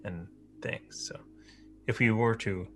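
Brief: male tabletop player, slow and hesitant, measured in-character points. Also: on the low side, huge pitch swings, faint music behind. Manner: hesitant, measured, many fillers. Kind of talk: playing a tabletop game.

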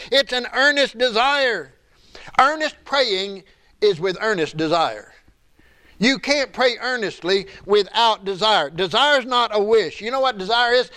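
A man's voice: high voice, expressive, a little slow, sharp tone. A middle-aged man preaching a sermon as pastor, building emphasis and adding asides to the congregation.

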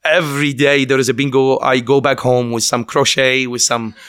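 A man from Lebanon with a Lebanese accent, a guest telling his story in a casual interview, animated, laughing often and restarting his sentences. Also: mid-range voice, normal speed, clear, resonant tone.

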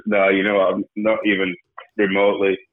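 A man's voice: low-pitched, completely flat delivery, fairly quick, no room sound, narrow, tinny audio. A man co-hosting a podcast, laughing and easily amused in casual chat. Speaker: podcast co-host.

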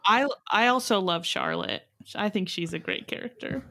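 A woman's voice: medium pitch, normal speed, sharp tone. A woman co-hosting a casual podcast, rambling through half-remembered trivia with self-deprecating asides. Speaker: podcast co-host. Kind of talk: casual chat.

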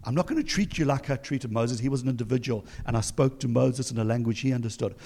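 A man's voice: mid-range voice, fast, a little mellow. A man with a South African accent preaching an encouraging sermon as pastor, full of emphatic rhetorical questions.

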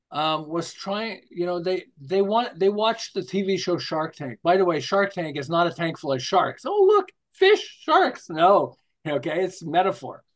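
An older man talking as an interview guest, telling stories animatedly, acting out quotes and often checking in with "okay?". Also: high-pitched. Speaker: marketing guest. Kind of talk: storytelling interview talk.

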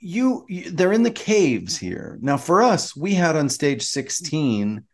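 A man's voice: a little high, sing-song, slow pace. A middle-aged man co-hosting a podcast in casual chat, eagerly chiming in and asking questions. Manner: eager, asks questions, chimes in. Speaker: podcast co-host.

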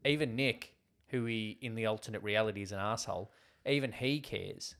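A man's voice: on the low side, moderate pace, vocal fry, fairly bright tone. Man rambling in casual podcast chat. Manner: rambling, trails off with "like". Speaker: podcast co-host. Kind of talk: casual film discussion chat.

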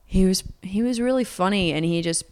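A woman's voice: mid-range voice, brisk, darkish tone, clean tone. A woman in her twenties, a singer-songwriter from Atlanta, chatting casually in an interview, rambling with lots of fillers. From Atlanta, United States. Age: 20s.

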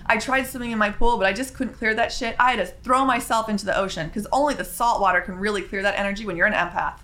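A woman's voice: mid-range voice, fast talker, bright, forceful tone, natural voice. A woman quoting a blunt, brash woman she met on a beach, who talks about being an empath in a matter-of-fact way.

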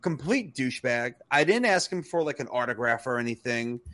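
A man co-hosting a wrestling podcast, telling a story in a casual, animated way with swearing and laughter. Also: medium pitch, a little fast. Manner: animated, profane, laughs through stories. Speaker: podcast co-host.

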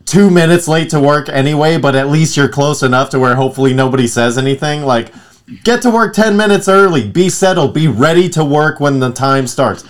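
A man's voice: on the high side, a little fast. A man in his thirties chatting casually as a podcast co-host, telling stories animatedly and acting out what others said. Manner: animated storyteller, acts out quotes. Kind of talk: casual chat.

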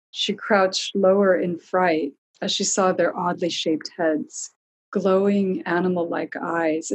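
A woman reading a storybook aloud in a calm, measured way. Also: fairly low pitch, husky, poor audio. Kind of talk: storybook narration.

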